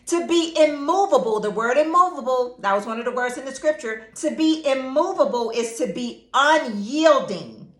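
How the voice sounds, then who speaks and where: A woman's voice: high-pitched, lively intonation, moderate pace, few pauses, reverberant. A woman teaching scripture in a devotional style, preacherly, repeating phrases and calling out to listeners. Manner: preacherly, repeats phrases, call-and-response asides. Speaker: teacher and online Bible devotional host.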